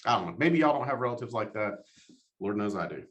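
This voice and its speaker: A man with a drawl delivers a motivational talk in an animated way. He laughs often and repeats his questions to drive each point home. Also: fairly low pitch, quick pace, muffled recording. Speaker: motivational speaker.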